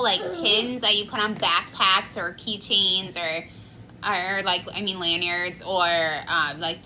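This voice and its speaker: A woman's voice: fairly high pitch, bright, forceful tone, a little hiss or hum, low-quality recording. A woman in her twenties telling a personal story in a chatty vlog, with lots of filler words. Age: 20s. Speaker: vlogger. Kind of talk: casual storytime.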